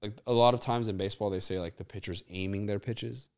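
A man's voice: fairly low pitch, fairly even intonation, fast talker, a little mellow, clear, resonant tone. A man in his twenties, casual and profane, joking and rambling on a sports chat show. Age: 20s. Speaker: podcast co-host.

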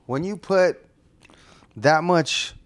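This man's voice sits on the high side and moves very slowly. He's co-hosting a podcast, chatting casually about football in a blunt, heated way and swearing heavily.

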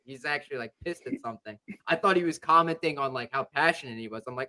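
Bright-voiced man rambling through a story. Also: on the high side, expressive, a little fast, low-quality recording. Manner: rambling storytelling with many fillers. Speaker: podcast host. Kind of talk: casual sports chat.

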